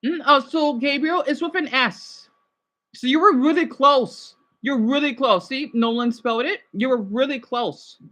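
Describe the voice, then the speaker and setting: Woman streamer, slightly high voice, loose rambling chat with her audience. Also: a little slow, fairly bright tone. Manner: rambling, restarts and self-corrections. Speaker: livestream host. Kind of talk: casual chat with viewers.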